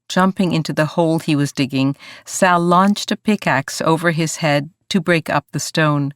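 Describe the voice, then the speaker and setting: An audiobook narrator reading a historical story in an even, measured way. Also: mid-range voice, clear, resonant tone, no echo, studio quality. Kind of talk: scripted narration.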